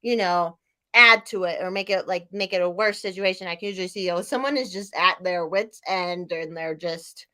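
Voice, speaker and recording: Bright-voiced tipsy woman rambling and laughing. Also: on the low side, moderate pace. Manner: rambling, laughs often, lots of "like". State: a little tipsy. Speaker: podcast co-host. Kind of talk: casual chat.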